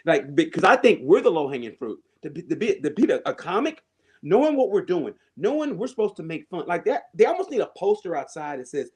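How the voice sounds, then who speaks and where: Male stand-up comic, lively storyteller with a slightly raised voice, cursing and laughing through podcast chat. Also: a little high, brisk, husky. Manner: animated storyteller, laughs often, swears freely. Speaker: stand-up comedian, podcast guest.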